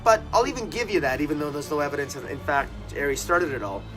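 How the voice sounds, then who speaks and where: A man's voice: fairly high pitch, sing-song, quick pace, over music. A man reviewing a comic book in a casual video, critical and exasperated, talking with many fillers and restarts.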